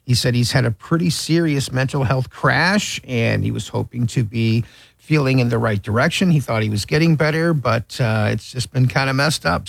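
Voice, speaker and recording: Gravelly-voiced male radio host. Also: medium pitch, no echo. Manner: casual, plain delivery. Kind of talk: radio show sign-off. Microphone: studio mic.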